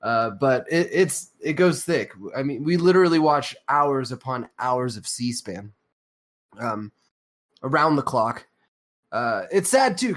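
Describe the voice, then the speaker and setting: A man hosting a casual podcast, rambling and cursing, with lots of ums and uhs. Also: mid-range voice. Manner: rambling, profane, many fillers. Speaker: podcast host.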